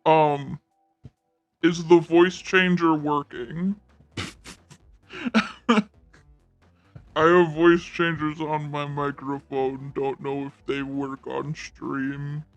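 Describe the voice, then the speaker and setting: A streamer's voice pushed through a voice changer by a woman, lower and hard to place as man or woman. She talks slowly and giggles constantly, with faint music playing behind her. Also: level tone, exaggerated voice. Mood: amused. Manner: giggly, teasing. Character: streamer testing voice-changer presets, gender-ambiguous.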